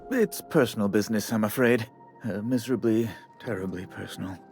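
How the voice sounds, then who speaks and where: A man's voice: lowish voice, brisk, close to an everyday voice. An actor voicing a fussy, condescending male corporate bureaucrat in a video game, with a prim, theatrical delivery. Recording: soft game music behind.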